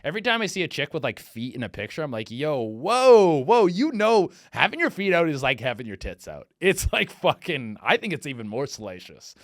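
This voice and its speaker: A man's voice: medium pitch, quick pace, few pauses, dry recording, studio quality. A man in his thirties hosting a comedy podcast, ranting casually with lots of swearing and mocking quoted voices. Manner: profane, animated, mocking put-on quotes.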